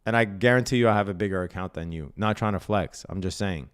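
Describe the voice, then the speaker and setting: His voice is low-pitched, clear and resonant, and he talks fast as he casually breaks down day trading on a live stream. He reads out viewer comments and answers them bluntly, with some swearing and a habitual "right?"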